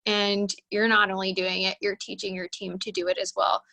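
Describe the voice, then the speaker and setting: A woman's voice: mid-range voice, little pitch movement, moderate pace, vocal fry, sharp tone. A woman hosting a team call, upbeat and encouraging, full of praise and pep talk. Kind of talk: motivational group call.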